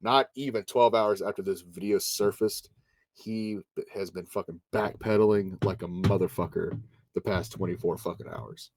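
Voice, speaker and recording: A man's voice: deep voice, fairly even intonation, normal speed, background noise. A podcast host, a married man with kids, chatting casually and cursing freely while telling a story. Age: adult with children. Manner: profane, storytelling. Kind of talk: casual chat.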